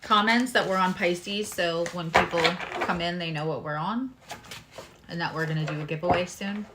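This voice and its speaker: A woman doing a live-stream tarot reading, talking to her viewers with lively exclamations and asides. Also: fairly low pitch, moderate pace, heavy background noise. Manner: animated, talks to viewers, exclamations. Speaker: tarot reader.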